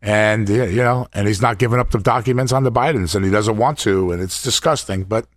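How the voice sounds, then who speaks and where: A man's voice: lowish voice, fairly quick, no echo, clean studio sound. A man co-hosting a casual political talk show, speaking bluntly and with indignation. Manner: blunt, indignant, plain-spoken.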